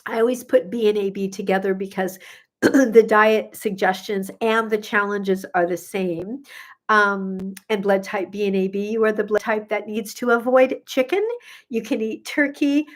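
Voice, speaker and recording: A woman's voice: mid-range voice, steady tone, normal speed. A middle-aged woman, a gut health coach, chatting casually on a live stream, bubbly and effusive with many ums, a little sniffly. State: sniffly from pollen.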